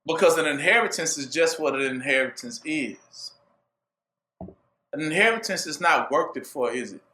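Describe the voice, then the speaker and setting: A man preaching in a high, swooping voice that rises and falls widely. He keeps throwing rhetorical questions at his listeners in call-and-response fashion. The recording carries a noticeable room echo. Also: lively intonation, normal speed, sharp tone. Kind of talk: sermon.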